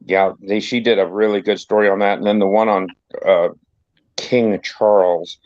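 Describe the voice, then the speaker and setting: A man's voice: fairly low pitch, steady tone, moderate pace, darkish tone, no echo, highs cut off. A man chatting casually on a group livestream, rambling with many restarts and fillers. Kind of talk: casual chat. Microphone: phone.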